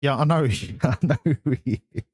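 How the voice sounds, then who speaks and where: A man's voice: medium pitch, normal speed, a little mellow, husky, dry recording. A man live streaming, chatting with his viewers and teasing them in a joking way. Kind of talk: casual stream chat with viewers.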